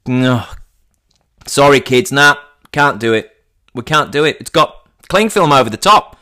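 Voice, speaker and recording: A man's voice: mid-range voice, expressive, measured pace, sharp tone, pitched above the performer's own voice. A man voicing a blunt, scolding father fox in a storytelling voice.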